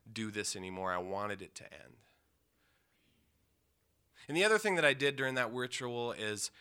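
A man from the Pacific Northwest telling an emotional personal story, intense, with pauses and restarts. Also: lowish voice, pushed and bright, clear, resonant tone. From Yakima, Washington, USA.

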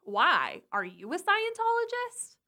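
A woman playing a relaxed teenage boy who explains things in a laid-back way. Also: very high-pitched, slow pace, pitched above the performer's own voice, exaggerated voice. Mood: easygoing.

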